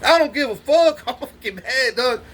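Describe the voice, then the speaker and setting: High-voiced, swaggering, profane man. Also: lively intonation, normal speed, a bit bright. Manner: boastful, swears constantly, laughs between lines. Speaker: vlogger. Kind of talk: rambling profane storytelling.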